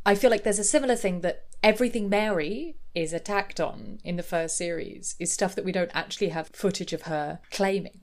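A woman co-hosting a podcast, talking casually in a rambling way with lots of fillers. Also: lowish voice. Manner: rambling, filler-heavy, acts out quotes. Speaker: podcast co-host. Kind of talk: casual chat.

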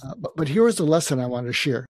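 An older man speaking as a psychiatrist guest in an interview, reflective and halting, with many restarts. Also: on the high side, animated, a little mellow, no echo. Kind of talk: emotional personal interview talk.

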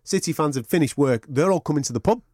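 A man's voice: a little high, lively intonation, fast talker, warm tone, no room sound, studio quality. A man co-hosting a podcast, telling a long anecdote in casual, sweary banter. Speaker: podcast co-host.

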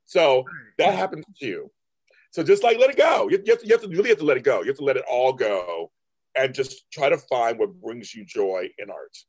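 Man in his fifties, middle pitch, candid interview guest, profane and animated. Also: fairly quick, breathy edge. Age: 50s. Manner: blunt, profane and animated, mimicking family in raised voices. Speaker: guest artist. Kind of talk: candid casual interview talk.

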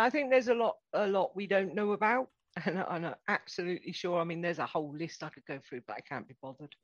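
A woman's voice: lowish voice, no room sound. A woman co-hosting a podcast, chatting in an easygoing way and trailing off at the ends of her thoughts. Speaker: podcast co-host. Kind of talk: casual gaming chat. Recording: dull lo-fi microphone.

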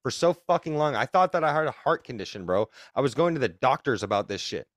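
A man's voice: mid-range voice, lively intonation, quick pace, no room sound, clean studio sound. A young man casually telling a long story on a podcast, rambling and swearing, with emphatic repeats. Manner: rambling, profane, emphatic retelling.

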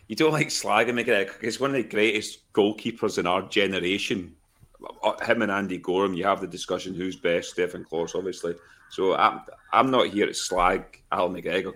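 Deep-voiced male co-host, frank and animated in casual chat. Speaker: podcast co-host.

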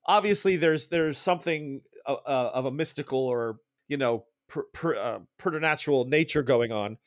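A man's voice: mid-range voice, moderate pace, few pauses, dry recording, clean studio sound. A man running a tabletop horror game as game master, rambling with lots of restarts and asides.

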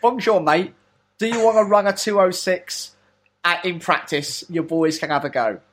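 A man's voice: high voice, a bit bright, slight background noise, voice pushed up. A man doing a chummy carmaker caller. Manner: chummy, quick offhand delivery. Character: cheerful man phoning a French carmaker.

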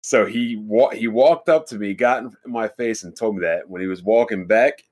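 A man's voice: fairly low pitch, normal speed. Man telling a rowdy story. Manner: animated, profane anecdote-telling. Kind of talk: casual storytelling chat.

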